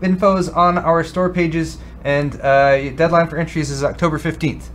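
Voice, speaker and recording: A man's voice: on the high side, steady tone, moderate pace, slight background noise. A man co-hosting a casual tech show, talking loosely with frequent restarts and fillers. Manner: rambling, restarts with many ums and uhs. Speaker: co-host. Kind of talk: casual chat.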